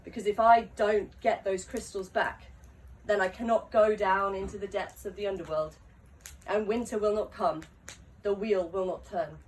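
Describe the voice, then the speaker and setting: A woman's voice: mid-range voice, fairly even intonation, normal speed, natural voice. A woman telling as a worried sun god. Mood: earnest. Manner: earnest, apologetic. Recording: live recording from a distance with faint noise.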